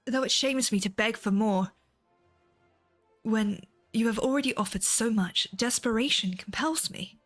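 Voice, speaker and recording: A woman voicing a solemn, formal female refugee leader in a game, speaking in a measured, quiet way. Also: fairly high pitch, faint music behind. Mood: pleading.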